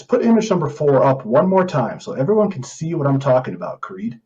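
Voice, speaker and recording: A man's voice: on the high side, darkish tone, dull audio. A man hosting an opinion podcast, talking in an indignant, emphatic way and reading out comments. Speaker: podcast host.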